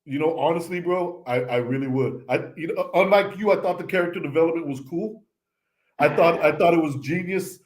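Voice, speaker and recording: A man co-hosting a casual movie podcast, talking in an animated, slangy way and calling people bro and man. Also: a little high, a little fast. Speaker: podcast co-host.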